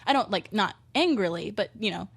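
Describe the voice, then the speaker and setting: A young woman, a guest musician, chatting on a podcast and telling stories in a giggly, animated way. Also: medium pitch, fairly quick, gravelly, breathy edge. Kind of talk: casual podcast chat. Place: podcast studio. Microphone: studio microphone.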